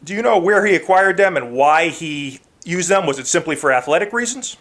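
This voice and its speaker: A man hosting an interview, asking measured, direct questions. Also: on the high side, animated, fairly bright tone. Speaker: interview host.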